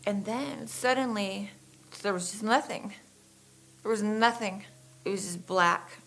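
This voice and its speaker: Woman giving halting first-person testimony. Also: mid-range voice, a bit bright, soft background music, low-quality recording. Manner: halting, measured recounting with pauses and restarts. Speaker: survivor recounting her ordeal.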